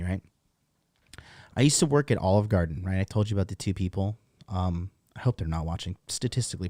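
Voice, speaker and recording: A man's voice: low-pitched, dark tone, no room sound, studio quality. A man in his thirties hosting a casual livestream, talking bluntly and profanely in a rambling way. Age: 30s. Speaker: podcast host.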